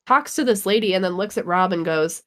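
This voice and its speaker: A woman telling a fan story on a casual live podcast. She is animated and acts out the quotes of the people in her story. Her voice sits in a middle pitch. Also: fairly quick. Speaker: podcast co-host.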